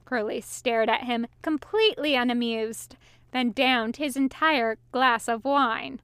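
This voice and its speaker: High smooth-voiced woman reading fan fiction. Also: a little slow, a bit bright, no echo. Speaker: reader.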